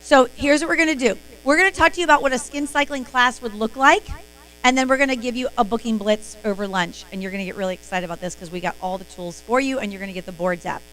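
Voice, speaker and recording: A woman's voice: a little high, fast talker, a bit bright, a little hiss or hum, poor audio. A woman hosting a live-stream sales training, talking in an emphatic, motivational way.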